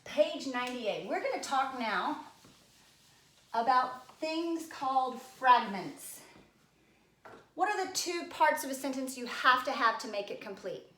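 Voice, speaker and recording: A woman's voice: high-pitched, expressive, unhurried, bright, forceful tone, reverberant. A woman teacher giving a recorded grammar lesson, coaxing and addressing her class directly.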